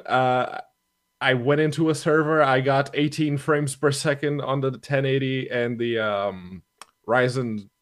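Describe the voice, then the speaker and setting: A man co-hosting a casual gaming podcast, speaking with wry, dry sarcasm. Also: mid-range voice. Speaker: podcast co-host.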